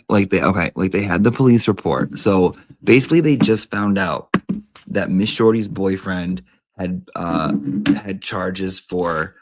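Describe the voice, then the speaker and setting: A man's voice: low voice, background noise. A man vlogging, telling a story in a casual, emphatic way with frequent swearing and asides. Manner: emphatic and profane, with lots of asides.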